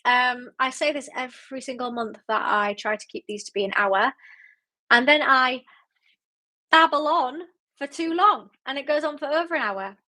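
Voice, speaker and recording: A fairly high-voiced woman hosts a casual book club livestream, reading out viewer comments as she goes. She rambles happily with lots of fillers and quick giggles. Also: bright, forceful tone.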